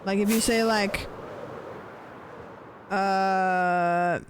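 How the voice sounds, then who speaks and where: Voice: mid-range voice, animated, normal speed, slight background noise. A streamer chatting casually while gaming, rambling and swearing, playfully repeating phrases with different stress.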